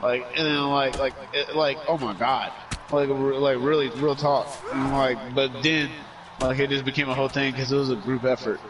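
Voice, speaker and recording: A man's voice: medium pitch, steady tone, normal speed, noisy background. A man streaming, telling a long story in a rambling way, full of filler words and cursing. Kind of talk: casual storytelling. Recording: voice somewhat far from mic.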